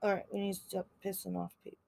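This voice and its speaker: A woman's voice: medium pitch, flat delivery, racing, creaky, dark tone. A woman co-hosting a horror podcast, easygoing and often laughing as she explains. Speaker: podcast co-host. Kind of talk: casual chat.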